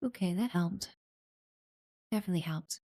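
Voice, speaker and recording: Woman streamer chatting while she plays, low mellow voice, dry sound, thanks every follow. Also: normal speed, creaky, no echo. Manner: friendly, thanks followers warmly, many fillers. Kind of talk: casual live gameplay chat.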